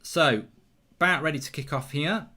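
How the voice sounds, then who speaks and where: A man hosts a live football watchalong with a bright, forceful voice pitched a little high. He rambles chattily, reads out viewer messages and jumps into excited commentary. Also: moderate pace.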